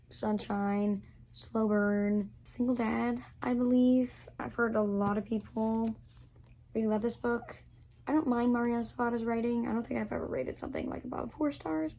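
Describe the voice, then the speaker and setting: A woman's voice: fairly high pitch, dark tone, slight background noise. A young woman in her twenties chatting casually to camera as a book vlogger, gushing and full of fillers.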